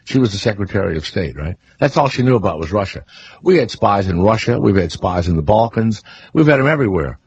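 A man's voice: fairly low pitch, lively intonation, quick pace, husky, dull audio. A middle-aged man with a Southern accent hosting a talk radio show, blunt and profane, rambling between topics. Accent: American Southern. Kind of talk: casual talk radio chat.

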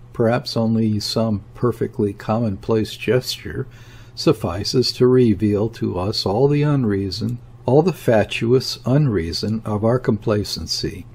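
A man narrating a classic novel as an audiobook, reading in a measured, deliberate way. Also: lowish voice, creaky, a little mellow, breathy edge. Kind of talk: scripted narration.

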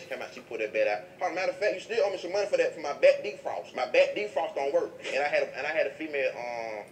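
A man being interviewed, telling comedic stories in an animated, profane way and laughing through them. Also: on the high side, fast talker, hardly any pauses, reverberant, distant mic. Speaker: interview guest. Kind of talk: comedic street interview storytelling.

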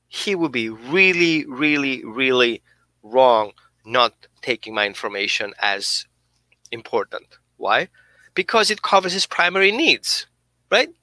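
A man working as a dog trainer who gives an emphatic, explanatory lesson in an animated way. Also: mid-range voice, dry recording. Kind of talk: instructional talk.

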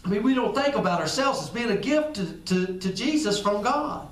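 This male pastor's voice sits high and sounds animated as he preaches at a moderate pace. His sermon is relaxed and chatty, full of acted-out exchanges and repeated phrases, captured at a distance in a room with lots of echo.

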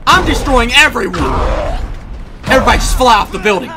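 A man giving excited gameplay commentary, shouting and reacting fast as he plays. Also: very high-pitched, noisy background. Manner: hyped, shouting at the game, quick reactions. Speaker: gaming YouTuber.

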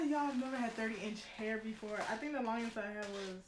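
A young woman vlogger chatting excitedly to her viewers, slangy, and quick to laugh. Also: on the high side. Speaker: beauty vlogger. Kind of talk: casual unboxing chat to viewers. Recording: roomy echo, faint noise.

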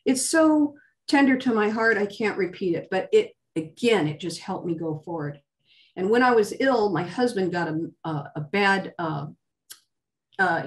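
A woman guest sharing an emotional personal testimony in a fervent way, often restarting and pushing her voice up for emphasis. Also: mid-range voice. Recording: voice distant from the mic.

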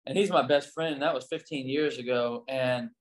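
This man, a U.S. pastor and former missionary, has a medium-pitched voice and talks at an ordinary pace as an interview guest. His casual stories are lively, with quoted lines acted out in a louder voice.

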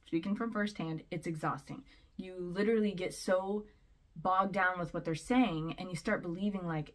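A woman's voice: medium pitch, moderate pace. A woman vlogger giving casual commentary, rambling and chatty, often laughing between points.

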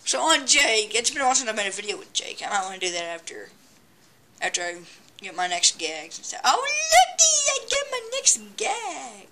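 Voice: mid-range voice, fairly even intonation, quick pace, bright, forceful tone, slight background noise. A person giving casual gameplay commentary, rambling and chatty, with frequent stammers and restarts as they talk back at the game. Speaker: gameplay video maker.

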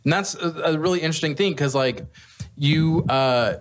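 A man's voice: fairly high pitch, moderate pace, slight background noise. A man chatting as a podcast guest, rambling and restarting his sentences, laughing often. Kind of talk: casual chat.

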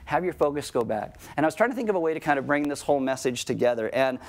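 A middle-aged man preaching a sermon to his congregation in a conversational tone, slowing right down on key lines. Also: on the high side, animated. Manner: conversational preaching, slows down for emphasis. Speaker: pastor.

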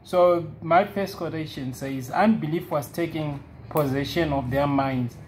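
Deep-voiced woman reading quotations. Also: a little slow, a little hiss or hum. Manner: steady reading, then casual questions. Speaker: Bible study co-leader. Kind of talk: reading quotations and asking questions.

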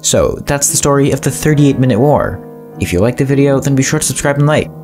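A man's voice: medium pitch, fast talker, darkish tone, soft background music. A man narrating a scripted history explainer, dropping wry asides to the viewer.

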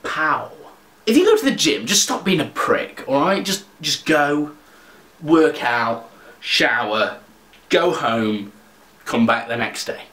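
A man's voice: fairly high pitch, big pitch swings, slow pace, bright, forceful tone, echoey room. A man ranting in a comedic vlog, sweary and sarcastic. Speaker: vlogger.

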